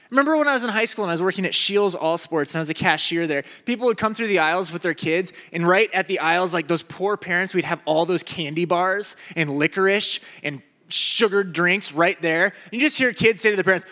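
A young man preaching a sermon, animated and acting out the people in his stories. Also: sits high. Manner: animated, acts out voices in stories. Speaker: pastor. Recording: echoey hall.

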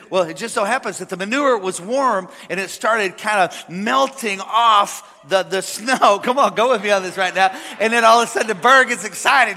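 A man preaching a sermon, telling a made-up parable and acting out the characters with lively energy. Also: very high-pitched, moderate pace. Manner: animated storytelling, acting out characters. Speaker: pastor. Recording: long hall reverb.

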